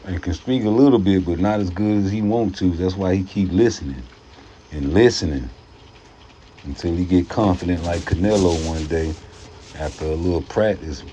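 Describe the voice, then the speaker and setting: A man with a low, mellow voice talks at normal speed, leaving long pauses, over slight background noise. He's a boxing commentator ranting casually to camera, profane and rambling, slipping into mocking put-on voices.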